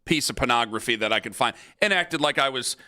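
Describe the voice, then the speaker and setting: Bright-voiced man telling a lively story. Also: mid-range voice, fast talker. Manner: animated storyteller, acts out other people's lines. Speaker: radio sports talk host. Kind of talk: storytelling on sports talk radio.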